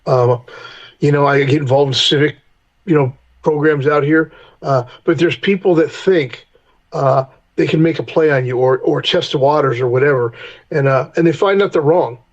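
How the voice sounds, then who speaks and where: A middle-aged man tells hard-edged stories as a podcast guest. He speaks bluntly, swears freely and acts out heated run-ins in a voice that sits a little high for a man. The sound is dull and lo-fi. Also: normal speed. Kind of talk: candid storytelling interview.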